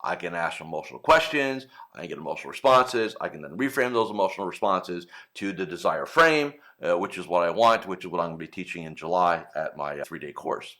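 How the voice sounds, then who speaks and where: A man's voice: sits low, expressive, a little fast, few pauses, fairly bright tone. A man hosting a coaching show for financial advisors, talking casually and acting out client phone calls, with frequent tag questions. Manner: conversational, frequent "right?" and "okay?" tags, acts out client calls. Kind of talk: casual coaching talk to camera.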